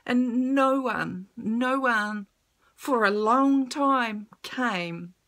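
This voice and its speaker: A woman's voice: fairly high pitch, very slow, a bit bright. A woman telling a personal story on camera, emotional and blunt, swearing freely.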